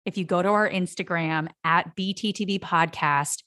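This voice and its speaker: A woman's voice: lowish voice, fairly even intonation, normal speed, fairly bright tone. Chatty enthusiastic woman co-host. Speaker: podcast co-host. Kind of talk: casual chat.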